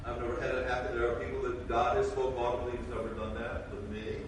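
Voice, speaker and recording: A man preaching a sermon, swinging between loud shouted praise and low, quiet asides. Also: level tone, fast, noisy background. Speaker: pastor. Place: church sanctuary. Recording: roomy hall sound from a distant mic.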